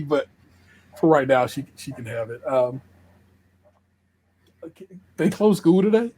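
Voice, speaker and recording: A man with a fairly high, husky voice co-hosts a casual podcast. He talks in a laid-back, slangy way, laughing often and stumbling over repeated words. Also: lively intonation, fairly quick, a little mellow. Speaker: podcast co-host.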